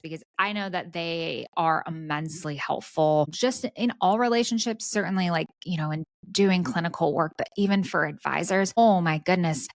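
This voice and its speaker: A woman host with a notably low voice answers her guest in an easy, chatty way, full of affirmations and casual fillers. The recording is dry and close, with no room around her. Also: dry recording. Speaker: podcast host. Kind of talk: conversational interview reply.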